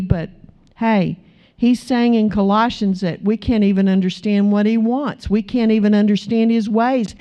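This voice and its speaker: Animated woman preaching, warm voice. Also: on the high side. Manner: animated, acts out voices in her stories. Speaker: preacher, pastor's wife. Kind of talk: sermon with storytelling. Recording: slightly dull lo-fi sound.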